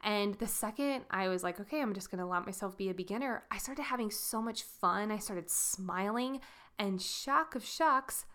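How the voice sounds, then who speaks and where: A woman's voice: medium pitch, moderate pace, fairly bright tone. A young woman talks through a solo podcast episode in a loose, conversational way. She is candid and pokes fun at herself, and fillers like "um" and "like" run through her talk. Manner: chatty, candid and self-deprecating, with filler words. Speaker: podcast host and coach.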